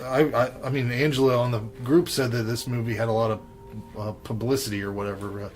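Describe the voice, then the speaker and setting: A man's voice: medium pitch, flat delivery, quick pace, faint music behind. Blunt, profane man chatting casually. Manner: blunt, profane, laid-back, many fillers. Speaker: podcast co-host reviewing horror films. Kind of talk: casual chat.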